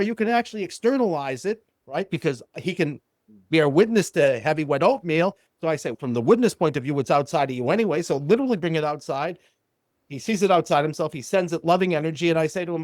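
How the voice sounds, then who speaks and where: An older man, a psychologist guest on a podcast, telling a client story and acting out the dialogue in animated quotes. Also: fairly high pitch, a little fast, no room sound, studio quality.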